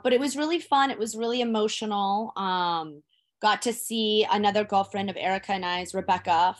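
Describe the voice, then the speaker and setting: A woman co-hosting a podcast, speaking heartfelt and rambling in casual chat. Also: mid-range voice. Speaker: podcast co-host.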